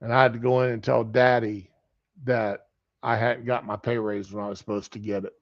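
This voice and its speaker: A man with a deeply gravelly, rough-edged voice hosts a livestream and tells a story in a folksy, plain-spoken way. His pitch sits in a middling range. The stream audio is a little muffled and dull. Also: level tone, brisk. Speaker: livestream host. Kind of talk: casual storytelling.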